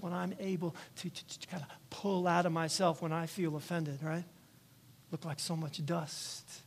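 A man's voice: fairly high pitch, vocal fry, slight background noise. A male pastor preaching a sermon in church, emphatic and repetitive, often checking in with "right?".

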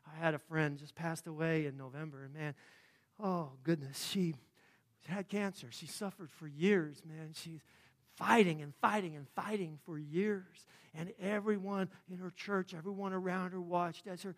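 A man preaching a sermon in a conversational way, dropping to a hush and then rising to fervent emphasis. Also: fairly high pitch, normal speed. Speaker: pastor.

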